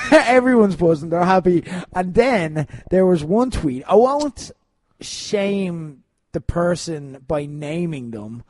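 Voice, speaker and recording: A man's voice: sits high, animated, slow, a little mellow, dry recording. A man co-hosting a casual podcast, rambling and laughing as he tells stories, swearing now and then. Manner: rambling, laughing, profane storytelling. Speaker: podcast co-host.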